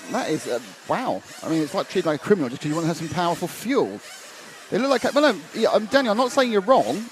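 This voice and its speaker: Live at a radio-controlled car race, a man with a high-sitting voice commentates at a quick, very animated pace. Between casual chatter he reads out viewer messages with asides, and the noisy trackside recording is full of engine sounds and ambience.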